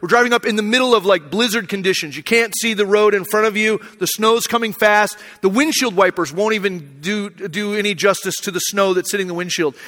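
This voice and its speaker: A man's voice: high voice, brisk, hardly any pauses, pushed and bright, long reverb tail. A young man from Arizona, a pastor, telling a personal story in a sermon, casual and emotional, with lots of fillers.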